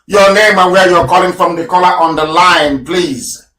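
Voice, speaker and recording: A man with a high, bright voice runs a live call-in session. He repeats each caller's name and keeps telling them to go ahead. The sound is echoey, as if he is sitting back from the mic. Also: normal speed, far from the mic. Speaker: host taking callers. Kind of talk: live call-in question and answer.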